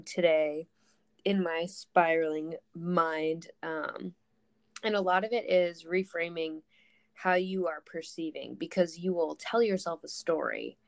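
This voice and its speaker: A woman with a notably low voice talks things through in an unhurried, reflective way. She leans on fillers and restarts as she thinks aloud in relaxed conversation. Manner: thoughtful, with many fillers. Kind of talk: casual reflective chat.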